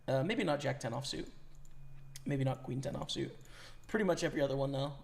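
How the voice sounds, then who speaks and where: A man's voice: medium pitch, a little fast, creaky. A young man chatting casually with his stream chat and thinking aloud about poker hands, his voice worn from talking. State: losing his voice. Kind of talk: live-stream commentary.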